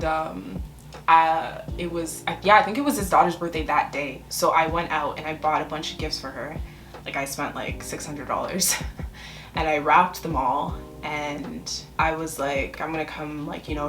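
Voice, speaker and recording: A young woman in her twenties with a low, deep-set voice tells a personal story to the camera. She talks in a candid, blunt way, swears freely and breaks into laughs often. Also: a bit bright. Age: 20s. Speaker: vlogger telling a story. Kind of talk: casual storytime chat.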